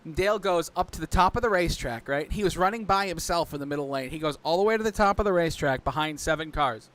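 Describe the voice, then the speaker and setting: Excitable high-voiced male race commentator. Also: fast. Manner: excitable storyteller, voice jumps up when thrilled.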